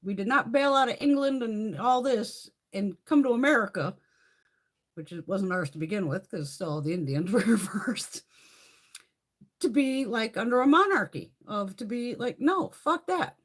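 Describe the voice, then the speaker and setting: Middle-aged woman host, husky, very lively pitch, profane casual live-chat rant. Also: moderate pace. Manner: profane, heated, animated.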